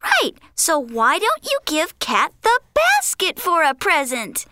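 A squeaky little vole. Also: female voice, wildly swooping pitch, slow, sharp tone, no room sound, heavily acted. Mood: eager. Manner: eager, encouraging. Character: small helpful vole, cheerful and kind. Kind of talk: children's educational audio story.

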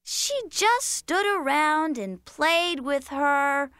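A woman's voice: high-pitched, expressive, extremely slow, bright, forceful tone, no room sound, clean studio sound, heavily acted. A woman voicing a patient, playful cartoon critter who tells a bedtime story in a sing-song, coaxing manner. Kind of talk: children's cartoon voice acting.

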